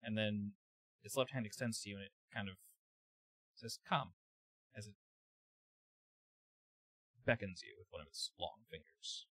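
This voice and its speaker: A man narrating as game master of a tabletop game, halting and thinking aloud with fillers. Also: on the low side, fairly bright tone, slightly rough, dry recording, poor audio.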